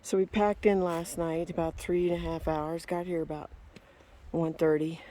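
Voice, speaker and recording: A woman's voice: on the low side, level tone, normal speed, dark tone. A woman vlogging outdoors on a mountain trail, swearing and ranting furiously about the land. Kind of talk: angry outdoor vlog rant.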